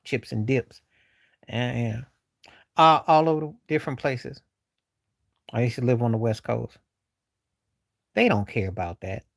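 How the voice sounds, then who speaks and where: A man's voice: mid-range voice, unhurried, vocal fry, pauses often, no room sound, clean studio sound. A man hosting a livestream, rambling loosely with slang while answering viewers in casual chat. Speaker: livestream host.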